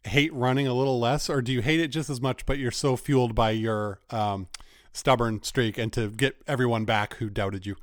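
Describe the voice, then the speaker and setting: A man hosting an interview, giving short reactions and quick recaps of what his guest says. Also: medium pitch, steady tone, no echo, studio quality. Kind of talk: casual interview chat.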